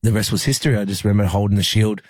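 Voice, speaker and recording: Low, husky Australian man. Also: fairly even intonation, dry recording. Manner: halting, lots of fillers and restarts. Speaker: interview guest, rugby league player. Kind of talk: emotional personal storytelling.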